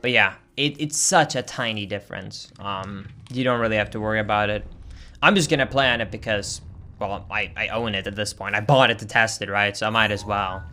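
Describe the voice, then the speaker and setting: A man's voice: fairly low pitch, fairly quick, bright, forceful tone. A man streaming as a speedrunner, chatting casually and explaining things in loose asides. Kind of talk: casual chat on a live stream.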